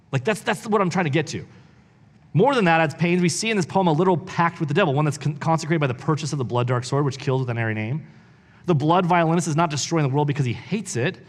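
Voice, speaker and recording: A man's voice: on the high side, long reverb tail. A man reading a book aloud and commenting on it in a heated, informal way, often saying "like". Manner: heated, informal, heavy use of "like". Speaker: church reader and commentator.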